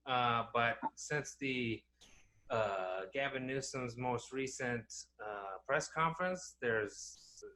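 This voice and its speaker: A man's voice: medium pitch, bright, forceful tone. Casting note: young man, casual podcast co-host, rambling, many fillers, restarts. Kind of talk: casual chat.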